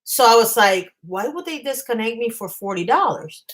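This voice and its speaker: A woman vlogger on a live stream at home, telling a story in a fast, agitated rush and stumbling over her words. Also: on the high side, expressive, fairly bright tone, rough recording. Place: home apartment.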